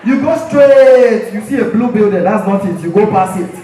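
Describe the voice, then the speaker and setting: A Nigerian-accented man playing an overexcited African man who gives long, rambling directions while shouting and laughing. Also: high-pitched, lively intonation, a little hiss or hum, pitched above the performer's own voice. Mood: excited. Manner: shouting, laughing, drawn-out words. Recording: very echoey hall from far off.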